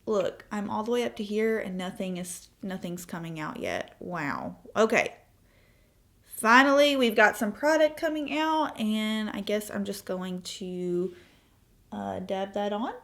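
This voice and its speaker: A woman's voice: medium pitch, a little slow, fairly bright tone. A 25-year-old woman chatting casually through a makeup tutorial, telling stories with asides and laughs. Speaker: beauty vlogger.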